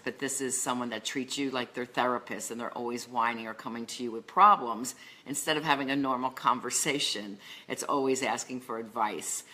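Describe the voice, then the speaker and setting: A woman's voice: very deep voice, pushed and bright. A middle-aged woman life and love coach, talking earnestly to camera about relationships, with lists and filler words. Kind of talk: solo talk to camera on relationships.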